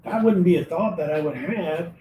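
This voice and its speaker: A man telling personal stories in a casual, animated way, acting out the dialogue and often laughing. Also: fairly high pitch, normal speed, phone-quality sound, slight background noise. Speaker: spiritual reader on a live show. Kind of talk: casual storytelling. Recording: roomy, distant mic.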